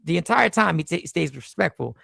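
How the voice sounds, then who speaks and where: A man hosting a casual podcast chat, talking in an animated, emphatic way with frequent restarts. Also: fairly high pitch, fairly quick, creaky, slightly rough, dry recording. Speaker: podcast host.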